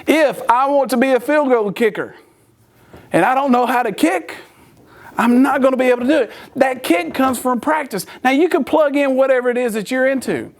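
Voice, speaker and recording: A man's voice: extremely high pitch, normal speed. A man giving a sermon-style talk as a church speaker, acting out the people in his story and laughing often as he tells it.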